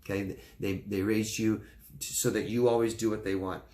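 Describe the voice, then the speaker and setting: A man with a fairly low voice answers viewers' questions as a life coach. He speaks informally and earnestly, checking in with the listener and often stopping to repeat or restart his words. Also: level tone, moderate pace, darkish tone, a little hiss or hum. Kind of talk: live Q&A advice talk.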